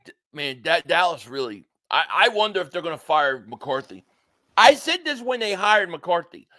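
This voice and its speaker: High, bright-voiced ranting stream host. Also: male voice, moderate pace. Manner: excitable, blunt, ranting, profane. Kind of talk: live sports reaction stream, reading super chats.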